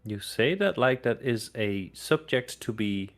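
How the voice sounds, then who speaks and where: A man's voice: mid-range voice, expressive, unhurried, a bit bright. A man playing a tabletop game, speaking in character in an inquisitive, direct way. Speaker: player.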